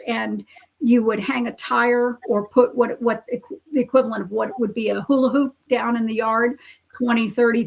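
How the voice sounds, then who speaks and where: A woman telling family stories in a relaxed chat, animated and acting out the people she quotes. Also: fairly high pitch, vocal fry. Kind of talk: casual storytelling.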